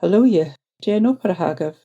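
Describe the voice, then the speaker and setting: An actress playing a Highland healer woman who speaks only mock Gaelic in a brisk, urgent way. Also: lively intonation, dark tone, muffled recording. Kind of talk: comic audio drama acting.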